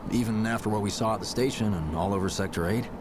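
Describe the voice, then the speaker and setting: A shaken train commuter in a video game, wry and uneasy in how he talks, voiced by a man. His voice sits fairly low, with faint noise behind it. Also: quick pace, close to an everyday voice.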